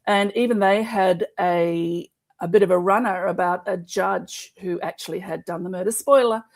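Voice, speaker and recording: A woman's voice: fairly low pitch, moderate pace. A woman with an Australian accent, chatting as a guest co-host and wandering off into asides. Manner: rambling, digressive talk full of asides. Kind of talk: casual chat.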